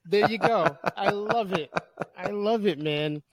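A man's voice: high-pitched, measured pace, crowd noise. A man hosting an interview show, asking questions in an encouraging way with easy laughter. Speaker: podcast host. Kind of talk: casual interview talk.

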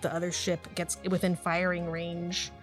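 Lively woman running a tabletop game. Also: fairly low pitch, normal speed, faint music behind. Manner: lively, laughs often, voices characters. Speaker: game master.

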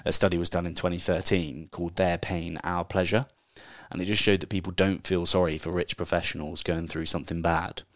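A man's voice: low voice, little pitch movement, brisk, no room sound, studio quality. A man hosting a casual solo podcast, talking in a chatty, candid way and swearing offhandedly. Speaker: podcast host.

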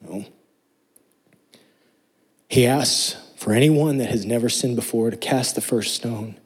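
A man's voice: mid-range voice, takes it slowly, breathy edge. A man preaching a sermon, earnest and emphatic, asking his listeners rhetorical questions. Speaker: pastor.

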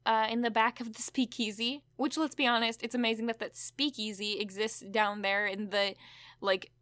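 A woman's voice: a little high, fairly even intonation, moderate pace, a bit bright, no echo. A woman co-hosting a podcast, recapping a TV episode in casual chat with chatty asides and fillers. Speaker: podcast co-host.

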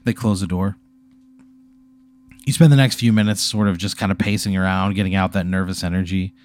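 A man hosting and narrating an improvised comic scenario in a deadpan, laid-back way. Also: deep voice, a little fast. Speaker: host running an improvised hypothetical. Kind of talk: improvised comedic storytelling.

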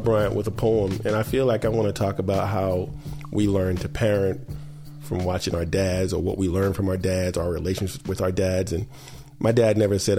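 A middle-aged man with a fairly low voice hosts a conversational podcast. He tells stories animatedly, acting out the quoted lines in his own voice. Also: gravelly. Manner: animated storyteller, acts out quoted dialogue. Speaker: podcast host. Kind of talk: conversational podcast talk, then reading a poem.

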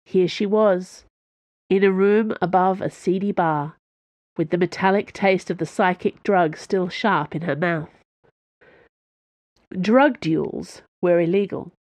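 A woman narrating a science fiction novel in an expressive storytelling voice with dry wit. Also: fairly low pitch, no echo.

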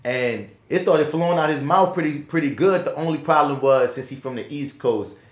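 A man with a New Orleans accent, chatting casually on a podcast and telling a lively story with slang and swearing. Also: on the high side, moderate pace, roomy sound. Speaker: podcast co-host. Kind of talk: casual chat.

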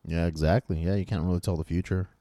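A man co-hosting a podcast, talking casually about comics in an easygoing, halting way with many fillers. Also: deep voice, fairly even intonation, warm tone, dry recording, studio quality. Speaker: podcast co-host.

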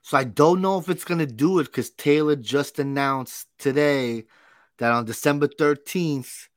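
A man's voice: fairly high pitch, unhurried, no echo, clean studio sound. A man co-hosting a pop culture podcast, chatting casually with lots of fillers and the odd swear word. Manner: rambling, filler-heavy, profane. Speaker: podcast co-host. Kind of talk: casual chat.

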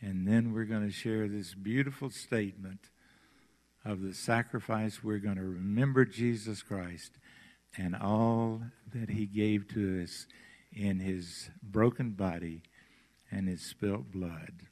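A man preaching a sermon as pastor, retelling scripture stories slowly and with emphasis before leading communion and prayer. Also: lowish voice, a little mellow, long reverb tail. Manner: slow, emphatic storytelling preaching.

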